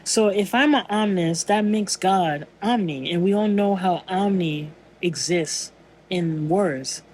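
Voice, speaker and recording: Earnest, word-searching vlogger musing aloud on faith, medium pitch, faint background hum. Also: slow, darkish tone, rough recording. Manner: rambling, searching for words, frequent restarts. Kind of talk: casual spiritual monologue.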